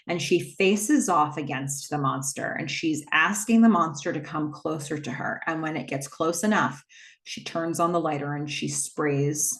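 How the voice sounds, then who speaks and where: A woman retelling a film scene by scene in a casual recap, with the odd filler. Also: sits low. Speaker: movie recap host.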